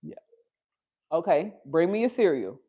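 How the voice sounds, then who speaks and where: A woman's voice: on the low side, big pitch swings, unhurried, husky, highs cut off. A young woman hosting a casual home livestream, chatting to viewers and breaking off to coax and scold her toddler. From Houston, Texas. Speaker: livestream host. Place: busy family home with children.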